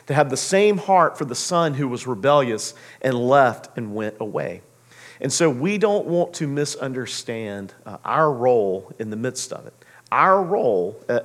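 A man in his thirties preaching a sermon as pastor, telling a story with lively, acted-out quotes. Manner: animated storyteller, acts out quotes with big pitch jumps.

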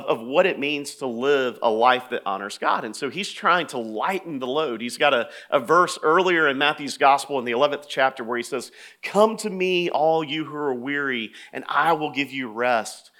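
A man preaching a sermon, talking plainly with stammers and restarts, then rising to loud, emphatic scripture reading. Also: medium pitch. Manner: conversational asides with restarts and stammers. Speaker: pastor.

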